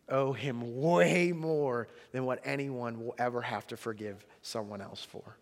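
A pastor preaches in a conversational way, retelling a scripture story and pressing hard on its key lines, with rising emphasis on the quotes. His mid-range voice is unhurried with hardly any pauses, and the sound is that of a big room.

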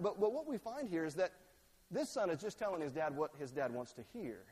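A man with a high voice preaches a relaxed, conversational sermon and slips into acted voices for quoted lines. He is recorded in a church sanctuary, and his words ring on in a long reverb. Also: fairly quick, husky. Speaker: pastor.

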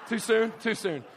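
Male preacher, lively storyteller, bright voice, stumbles and restarts. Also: sits high, a little hiss or hum. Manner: animated, many restarts, builds to shouting. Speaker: guest preacher. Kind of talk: storytelling sermon.

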